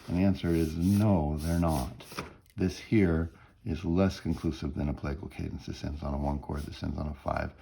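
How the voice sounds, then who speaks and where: A man's voice: rumbling low, little pitch movement, normal speed, vocal fry, dark tone, a little hiss or hum. A man teaching music theory in a recorded lecture, explaining step by step, humming bits of melody and often checking in with "right?".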